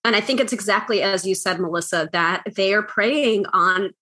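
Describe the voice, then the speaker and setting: Woman podcast co-host, tense bright tone, indignant and outspoken. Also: mid-range voice, moderate pace. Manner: blunt, swearing, indignant. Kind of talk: casual chat.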